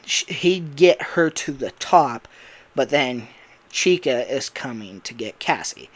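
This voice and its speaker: Young man, casual vlog, rambling, many fillers, laughs at himself, mid pitch. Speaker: voice actor and YouTuber. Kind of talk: casual storytelling about a fan game idea.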